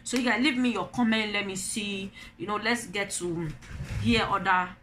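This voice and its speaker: Bright-voiced Nigerian mother vlogging. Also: mid-range voice, normal speed. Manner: animated storytelling with rhetorical questions. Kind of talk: opinion vlog talking to camera.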